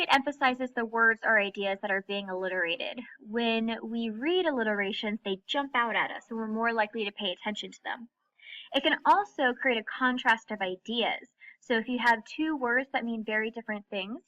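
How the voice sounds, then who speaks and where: A woman with a bright, higher voice gives a recorded English lesson, explaining each term clearly. She slows down to read out her examples. The recording sounds dull and lo-fi. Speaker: English teacher. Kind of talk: recorded classroom lecture.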